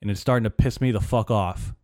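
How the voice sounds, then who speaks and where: Speaking fairly quickly in a steady, fairly low and slightly mellow voice, a young man rants on his own podcast. He's rambling, sarcastic and profane, close to a studio microphone, with no echo in the recording.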